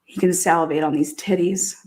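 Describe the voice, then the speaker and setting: A woman's voice: fairly low pitch, fairly even intonation, fairly quick, darkish tone. A woman hosting a livestream, reacting to a clip with a profane, mocking rant. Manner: swearing, mocking, bursts of laughter. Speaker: livestream host.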